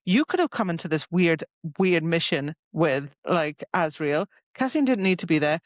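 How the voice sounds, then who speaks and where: A woman's voice: lowish voice, normal speed, few pauses, dry recording. Woman cohost asking question after question, kinda muffled dry recording. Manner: quizzical, fires off repeated questions. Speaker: podcast co-host. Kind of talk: casual book-discussion chat. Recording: dull lo-fi sound.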